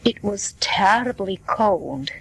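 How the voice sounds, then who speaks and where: A woman's voice: mid-range voice, fairly even intonation, a bit bright, husky, full character voice, poor audio. A woman reading as a man with a cold. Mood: plain. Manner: slow, plain reading voice. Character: middle-aged man with a cold, chatty patient. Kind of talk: scripted dialogue for learners.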